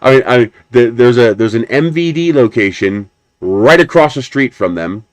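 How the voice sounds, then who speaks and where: A man's voice: mid-range voice, expressive, moderate pace, dry recording. A man hosting a live stream, chatting casually and rambling as he unboxes a printer and answers viewers. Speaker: 3D printing livestream host.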